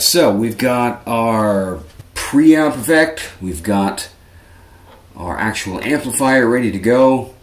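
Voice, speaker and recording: A man's voice: on the low side, reverberant. A man hosting a casual guitar amp tutorial, chatty and self-correcting with dry little asides. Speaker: guitar lesson host.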